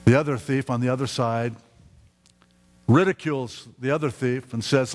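A man's voice: mid-range voice, steady tone, moderate pace, pauses often, darkish tone. A man preaching a sermon in a church, earnest and prone to stammered restarts. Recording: reverberant hall.

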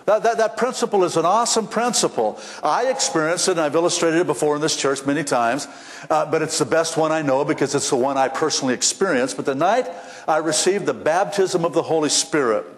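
Male pastor, mid-high voice, folksy sermon delivery with restarts, long church reverb. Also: fairly quick. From western United States. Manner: folksy storytelling with frequent restarts and repeated words. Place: church sanctuary.

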